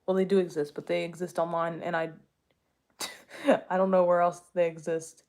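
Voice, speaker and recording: A woman's voice: lowish voice, level tone, moderate pace, darkish tone. A young woman from the United States chatting casually with viewers, rambling and correcting herself, with frequent jokes. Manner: rambling, self-correcting, jokey, with laughs. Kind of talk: casual chat answering viewers.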